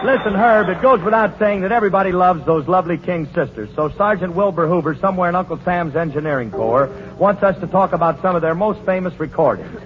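High-voiced guy running an old radio quiz, jokey quick banter, dull hissy old broadcast sound. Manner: breezy, joking, quick banter. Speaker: quiz show host and bandleader. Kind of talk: live 1940s radio quiz hosting.

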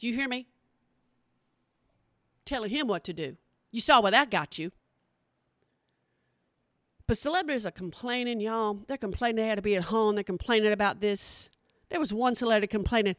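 A middle-aged woman delivers a comedic rant, sassy and exasperated, mocking as she goes. Her voice sits a little high. The sound is close and dry, with no room around it. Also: expressive, measured pace, pauses often, a bit bright, no echo.

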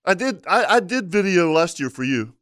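Male radio host, easygoing and agreeable; lively, swinging intonation, dry close mic. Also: high-pitched, normal speed, clean tone, no echo. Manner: relaxed, agreeable, reads out the call-in line. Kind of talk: casual radio chat.

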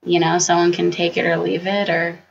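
A young woman with a lowish, gravelly voice reflects on relationships on a faith podcast, often pausing and restarting her thoughts. The sound is dull, with faint hiss behind. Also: flat delivery. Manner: reflective, hesitant restarts, frequent affirming murmurs. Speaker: podcast co-host. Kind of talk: casual faith-based discussion.

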